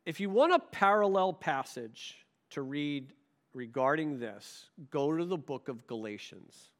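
A man's voice: on the high side, expressive, unhurried, fairly bright tone. A male pastor preaching a sermon, emphatic and full of rhetorical questions.

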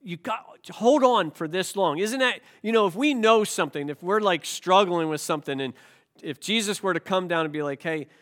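Animated pastor preaching with a cold. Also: male voice, sits high, normal speed. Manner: animated preaching with rhetorical questions and self-deprecating jokes. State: has a cold. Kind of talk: sermon.

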